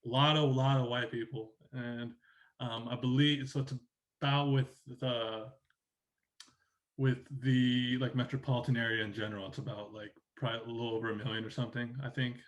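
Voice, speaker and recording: A man's voice: medium pitch, little pitch movement, a little fast. A man from Oregon chatting as a podcast guest, telling long rambling stories and acting out what people said. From Oregon, United States. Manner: rambling storyteller, acts out quotes. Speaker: podcast guest, soccer journalist. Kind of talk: casual interview chat.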